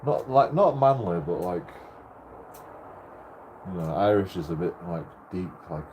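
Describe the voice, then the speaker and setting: A man chats loosely to his camera in a somewhat low voice. He keeps breaking into laughter, swears freely and restarts his sentences as he goes. Faint noise sits behind him. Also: animated, a little slow. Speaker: vlogger. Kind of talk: casual rambling chat to camera.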